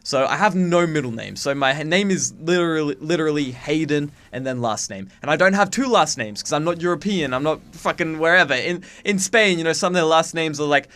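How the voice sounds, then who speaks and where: A man's voice: fairly high pitch, a little fast, few pauses, a bit bright. A nineteen-year-old man from Australia with a faint, watered-down Australian accent, chatting casually into his webcam and swearing freely. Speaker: YouTuber. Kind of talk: casual chat to camera.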